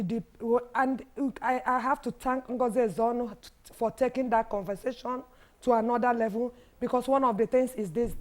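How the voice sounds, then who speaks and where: Hoarse Nigerian woman in her fifties. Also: fairly high pitch, a little mellow. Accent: Nigerian English. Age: 50s. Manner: halting, restarts and repeats as she recalls. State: hoarse, has lost her voice. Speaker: guest, widows' foundation founder. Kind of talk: personal testimony on a TV panel.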